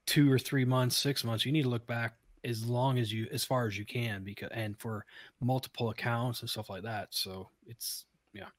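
A man's voice: medium pitch, fairly even intonation, moderate pace, no room sound. A man co-hosting a podcast, chatting in an easygoing way. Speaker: podcast co-host. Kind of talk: casual chat.

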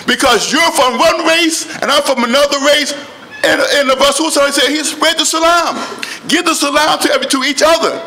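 High, bright-voiced preaching imam. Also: male voice, moderate pace, slight background noise. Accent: African American English. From United States. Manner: preaching with rising emphasis and repeated phrases. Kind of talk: convention sermon.

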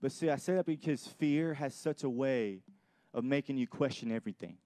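A man's voice: medium pitch, a little fast, dark tone, dry recording. Earnest young man preaching, dry sound. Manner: earnest, repeats and restarts phrases. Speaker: pastor. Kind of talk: sermon with personal testimony. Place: church.

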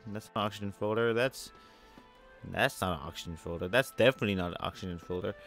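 A man narrating his play of a video game, excitable and chatty with viewers, swinging between loud outbursts and soft muttering. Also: lowish voice, fast talker, faint music behind. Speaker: gamer. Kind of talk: let's play commentary.

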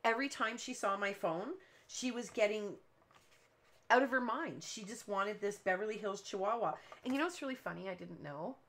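A woman's voice: mid-range voice, animated, normal speed, fairly bright tone, slight background noise. A woman hosting a cardmaking livestream from her home craft room, chatting and telling long stories while she works. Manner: chatty, rambling storyteller who laughs often. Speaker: cardmaking show host.

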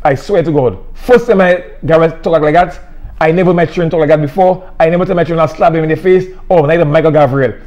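A man's voice: a little high, fast talker, a little mellow, muffled recording. A middle-aged man from Saint Lucia with a Saint Lucian accent, preaching an emphatic, repetitive sermon. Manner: emphatic, repetitive, plain-spoken.

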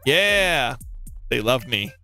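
A man with a bright, forceful voice gushes playfully as he plays through a game. Faint game music runs underneath. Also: medium pitch, very animated, very slow. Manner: gushing and playful. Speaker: gaming channel host. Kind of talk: casual let's play commentary.

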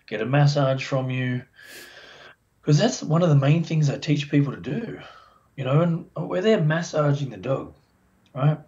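A talkative man with a fairly high voice, speaking as a podcast guest. He tells stories with energy and slips into the voices of the people he describes. The sound is slightly dull and lo-fi. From Australia. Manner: chatty, animated storyteller who acts out owners' voices. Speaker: dog behaviour expert guest. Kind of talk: casual podcast interview.

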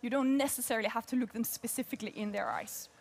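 A woman coaching a group on presenting, chatty and lively, often laughing between points. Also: a little high, fast. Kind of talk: workshop teaching.

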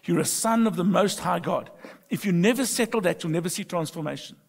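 A middle-aged pastor preaching a sermon, emphatic and humorous, moving between soft confiding talk and loud bursts. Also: male voice, sits high, fairly quick, vocal fry, breathy edge. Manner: humorous storytelling. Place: church sanctuary. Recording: long reverb of a church hall.

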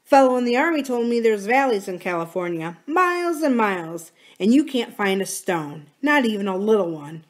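A woman's voice: medium pitch, sing-song, normal speed, hardly any pauses, natural voice. A woman reading aloud and voicing an earnest, eager young farmer who speaks pleadingly.

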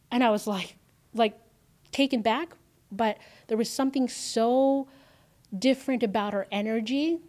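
A woman, a guest in an interview, telling an emotional personal story with many fillers and acted-out quotes. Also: medium pitch. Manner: animated, lots of fillers, acts out quoted lines.

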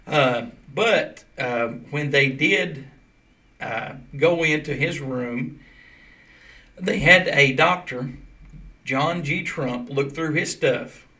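A man hosting a casual podcast explains things at length in a loose, chatty manner. His voice is on the high side, bright and forceful, and he speaks slowly.

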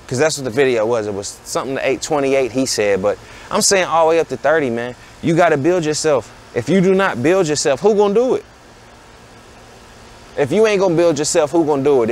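Blunt, preachy man with a higher voice. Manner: blunt, preachy, repeats rhetorical questions. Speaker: podcast host. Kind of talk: casual motivational monologue.

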